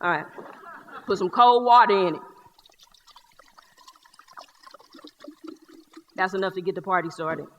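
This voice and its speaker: A woman's voice: mid-range voice, fairly quick, highs cut off, slight background noise, lightly acted. A woman in a one-person stage show playing a boisterous young Black man with a Southern accent, who talks in streetwise slang and tells stories with jokes. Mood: bossy. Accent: Southern US (North Carolina). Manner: streetwise slang, joking, lively storyteller. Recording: live theater hall reverb.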